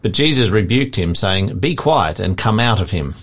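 A man co-hosting a Christian radio show, reading scripture aloud in a steady, measured way. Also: on the low side, husky. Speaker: radio co-host.

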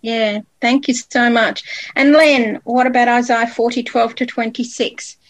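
A woman's voice: on the high side, steady tone, measured pace, dry recording, poor audio. A woman leading a group Bible study, guiding the discussion and putting questions to the panel.

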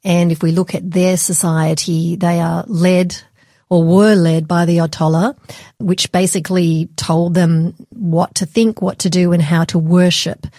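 A woman's voice: lowish voice, flat delivery, unhurried, mellow, no room sound, clean studio sound. A woman hosting an interview, asking earnest questions and responding encouragingly. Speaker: host.

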